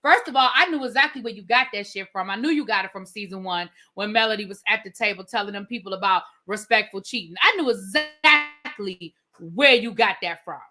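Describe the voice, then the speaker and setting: A woman's voice: medium pitch, fairly quick, hardly any pauses, sharp tone. A woman hosting a livestream as a reality TV reviewer, giving blunt, opinionated commentary with casual swearing and replying to viewer comments.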